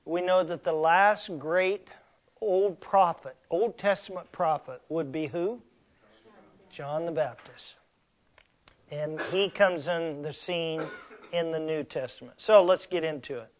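A middle-aged man preaching a sermon as pastor, slow and emphatic, asking the congregation rhetorical questions. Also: a little high.

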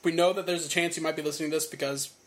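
A man co-hosting a casual podcast chat, excitable and prone to indignant rants. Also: a little high, rapid-fire. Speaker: podcast co-host. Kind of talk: casual chat about wrestling.

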